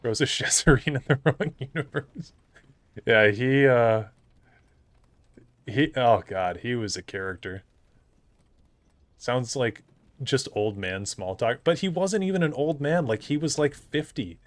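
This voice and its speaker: A man's voice: medium pitch, a little slow, pauses often, no room sound. Laughing, rambling young man telling stories. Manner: rambling, laughs often mid-sentence. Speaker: streamer. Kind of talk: casual storytelling on a live stream.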